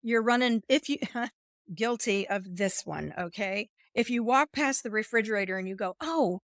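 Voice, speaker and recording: A woman's voice: mid-range voice, moderate pace, dry recording, clean studio sound. A woman coach speaking as a podcast guest, explaining ideas expressively and acting out inner voices. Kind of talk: podcast interview conversation.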